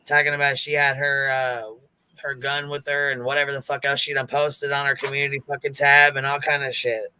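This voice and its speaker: A man chatting on a casual live call who gossips in an animated, profane way. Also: medium pitch, a little fast, clean tone.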